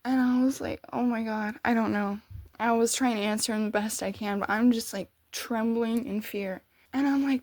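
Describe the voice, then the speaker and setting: Animated young woman telling a story. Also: on the high side, normal speed, no room sound, clean studio sound. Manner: animated, emotional, laughing often. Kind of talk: storytime monologue.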